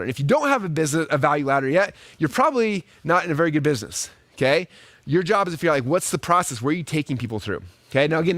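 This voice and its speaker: A man in his thirties gives a live marketing lesson at a rapid clip, his voice sitting a little high for a man. He acts out the story with quick, animated asides and keeps asking "right?" to keep listeners with him. The sound is close and dry, with no room echo. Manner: fast, energetic storytelling with lots of "right?" and "okay?". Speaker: online marketing coach. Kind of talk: live webinar teaching.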